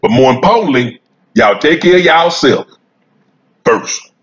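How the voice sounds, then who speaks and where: In a slightly high, animated but unhurried voice with a fairly bright tone, a man vlogs about cigars while smoking one outside. He chuckles and rambles in a folksy, repetitive monologue aimed straight at his viewers. The recording is muffled.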